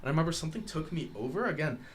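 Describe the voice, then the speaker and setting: A young man hosting a podcast, telling a vivid story in a casual, animated way and acting out quoted lines. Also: fairly high pitch, very fast, a little hiss or hum. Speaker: podcast host.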